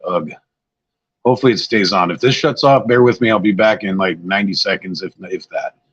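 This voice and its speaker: A man's voice: sits low, a little fast, fairly bright tone, breathy edge, dull audio. An older man hosting a casual livestream, tired and a bit scatterbrained, chatting loosely with viewers. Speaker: livestream host. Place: outdoors-like spot at home.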